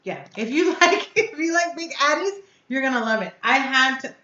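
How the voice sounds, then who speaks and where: A woman's voice: high-pitched, expressive, moderate pace, sharp tone, roomy sound, lo-fi sound. A woman hosting a casual live stream, chatting effusively and answering her viewers' comments aloud. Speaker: vape reviewer hosting a live chat.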